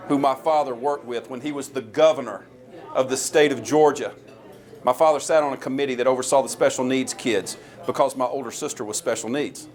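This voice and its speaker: A man in his forties speaks with a Southern American drawl. He gives a campaign stump speech in a folksy, storytelling way, pitched in a plain middle register. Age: 40s. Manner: folksy, earnest storytelling with a crowd-rousing push. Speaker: presidential candidate.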